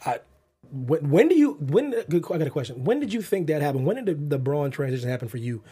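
Husky, enthusiastic male co-host. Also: on the high side, sing-song, fast, mellow. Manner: enthusiastic, laughs often, slangy. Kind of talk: casual chat.

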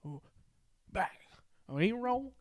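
A man's voice: high-pitched, very animated, slow pace, dry recording, clean studio sound. A young man chatting casually and teasing his friend with jokes. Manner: teasing, joking. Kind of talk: casual chat.

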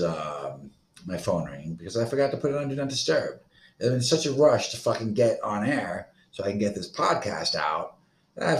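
A man's voice: deep voice, roomy sound. A man in his thirties from Florida, hosting a solo podcast in a profane, rambling, agitated rant. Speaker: podcast host.

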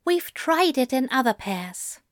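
A woman voicing a calm, firm male angel who speaks in a pointed, measured way. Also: high-pitched, no room sound, clean studio sound, pitched above the performer's own voice.

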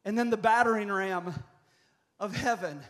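Pastor in his fifties, a man with a very high voice, fervent and repetitive delivery. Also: normal speed, fairly bright tone. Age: 50s. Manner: impassioned, repetitive preaching cadence. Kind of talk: prophetic sermon.

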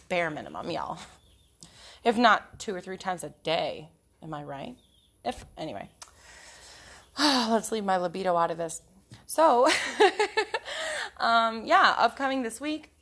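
A woman's voice: medium pitch, fairly bright tone. Woman just chatting on her porch outside, cusses a lot, laughs a bunch, real casual. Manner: chatty, swears freely, laughs often. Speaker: vlogger. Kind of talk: casual chat. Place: outdoors on a porch in the country.

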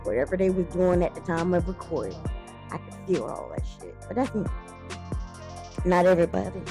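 A woman's voice: on the low side, a little fast, music in the background. A woman, talking in a blunt, profane, casual monologue as a podcast host. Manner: blunt and profane, heated and animated when worked up.

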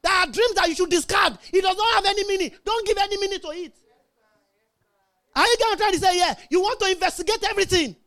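A middle-aged woman preaches with a strikingly high voice. She stresses her points and keeps checking in with the congregation, asking if they are with her. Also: quick pace, fairly bright tone. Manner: emphatic, call-and-response with congregation. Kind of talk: sermon.

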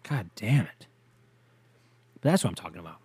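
A man hosting a podcast, ranting casually and profanely, sighing often and swinging between loud outbursts and low muttering. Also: lively intonation, normal speed, breathy edge. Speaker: podcast host.

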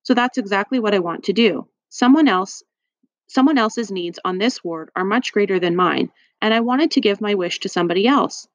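A woman's voice: mid-range voice, normal speed, dry recording, natural voice. Earnest young boy, as a woman reader puts him on. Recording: dry, slightly dull.

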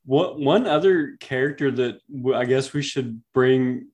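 A man of middle pitch co-hosting a casual movie podcast. He talks in a relaxed way and leads the conversation to new topics. His delivery is easygoing and conversational. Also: measured pace. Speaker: podcast co-host.

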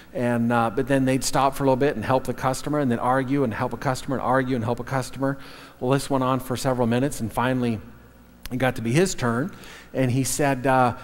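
A man's voice: mid-range voice, steady tone, brisk, darkish tone. A man, a pastor preaching a sermon, telling a story earnestly with frequent restarts. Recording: long reverb of a hall.

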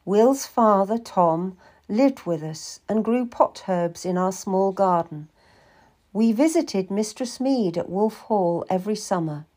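A woman narrating a historical novel in the first person, measured and expressive. Her pitch rises and falls widely, and she reads at an unhurried, deliberate pace. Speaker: audiobook narrator.

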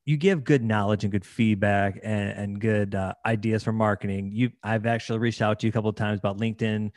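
Eager low-voiced male interviewer. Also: steady tone, brisk, darkish tone, dry recording, studio quality. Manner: enthusiastic, stammering restarts. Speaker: podcast host. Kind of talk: casual interview chat.

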